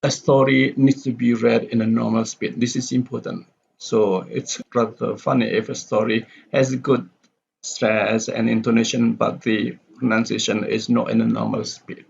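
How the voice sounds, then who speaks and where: A man lecturing on pronunciation, methodically repeating example sentences slowly with exaggerated stress. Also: mid-range voice, little pitch movement, vocal fry, husky. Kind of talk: recorded lecture. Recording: dull lo-fi recording with faint background hiss.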